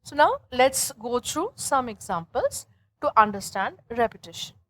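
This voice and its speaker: Fairly high-voiced woman teaching grammar. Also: sing-song, a little slow, fairly bright tone, poor audio. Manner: explains step by step, often checks in with "okay?" and "right?". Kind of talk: classroom lecture.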